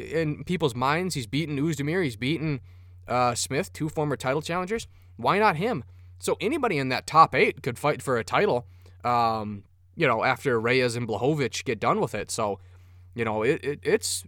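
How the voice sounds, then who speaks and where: A man's voice: medium pitch, fairly bright tone, no echo, clean studio sound. Profane, rambling man. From Minnesota. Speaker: podcast host. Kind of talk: casual sports podcast talk.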